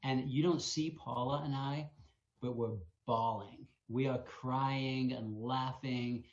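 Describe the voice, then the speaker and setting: A man at mid pitch recounts a story in a Q&A, animated and acting out the noises as he goes. His voice carries an echoey ring and a slightly muffled, dull tone. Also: takes it slowly. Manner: animated storyteller, acts out sounds. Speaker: wolf sanctuary co-founder. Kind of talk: storytelling in a live Q&A.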